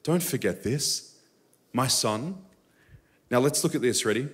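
A man's voice: lively intonation, unhurried, fairly bright tone. Impassioned man preaching a sermon. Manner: impassioned, rising to emphatic high bursts, with personal stories. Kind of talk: live Sunday sermon. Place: church sanctuary during a live service.

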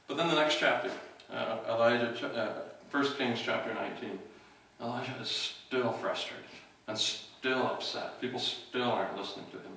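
A middle-aged man, the outreach worker of a church, introduces the evening's speaker in a relaxed, halting talk full of fillers and restarts. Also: medium pitch. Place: church hall. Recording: distant mic in an echoey hall.

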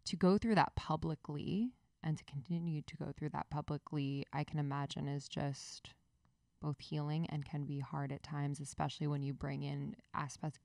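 A woman's voice: low-pitched, fairly even intonation, moderate pace, gravelly, a little mellow, no echo, studio quality. A woman co-hosting a podcast, asking a guest a long, effusive, rambling question. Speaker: podcast co-host. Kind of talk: interview questions.

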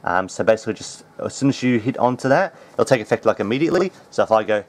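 A man hosting a casual tech how-to, talking in a relaxed, chatty way with plenty of ums. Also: lowish voice, quick pace, hardly any pauses, background noise. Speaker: tech tutorial host.

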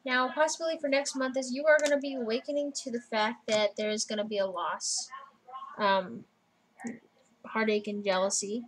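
A woman's voice: fairly high pitch, fairly even intonation, normal speed, a little hiss or hum, rough recording. Blunt, casual woman reading tarot. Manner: casual, blunt, swears freely. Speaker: tarot reader.

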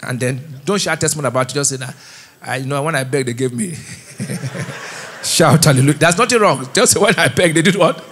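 A man's voice: a little high, fast, fairly bright tone, slight background noise. A middle-aged Nigerian man preaching a sermon and asking the congregation to fill in his words. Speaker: pastor. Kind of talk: sermon with call-and-response. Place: church auditorium.

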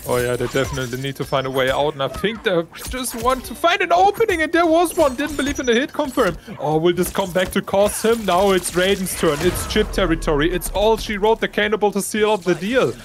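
A man co-commentating a fighting-game match live, breaking down plays with excitable analysis. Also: fairly quick, few pauses. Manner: excitable analysis, jumps in pitch. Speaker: esports co-commentator. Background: game music.

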